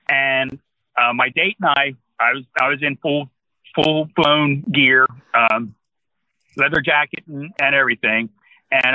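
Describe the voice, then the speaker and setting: A man in his sixties from New Jersey, with a slightly high voice, is an interview guest telling a long, rambling anecdote in casual conversation. The recording has no room sound and its highs are cut off.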